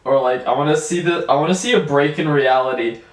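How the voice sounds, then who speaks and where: A wry young man with a high voice, cracking jokes and laughing easily as a podcast co-host. He sits back from the mic, so his voice comes through distant and roomy, with a faint hiss behind it. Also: a little fast. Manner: wry, joking, laughs often. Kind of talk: casual chat. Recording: echoey room, distant from the mic, faint noise.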